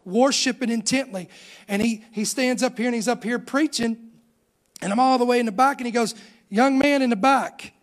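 High-voiced animated preacher man. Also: fairly quick. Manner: animated storytelling preacher, voice rising on emphasis. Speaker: pastor. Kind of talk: sermon.

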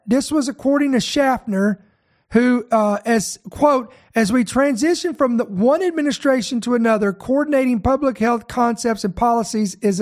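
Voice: medium pitch, a little mellow. An emphatic podcast host reads news articles aloud and comments on them along the way. The delivery halts on key words to stress them, and phrases often restart or double back.

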